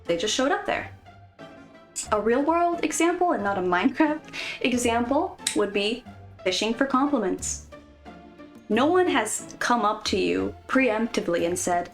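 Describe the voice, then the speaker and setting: A woman's voice: on the high side, lively intonation, measured pace, faint music behind. A woman vlogger giving casual, playful commentary with jokes and asides. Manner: playful, jokey, conversational.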